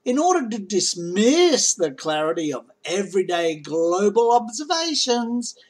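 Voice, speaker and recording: A man's voice: high-pitched, fairly bright tone. An Australian man guesting on a commentary video, cheerful and teasing. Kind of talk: comedic commentary narration.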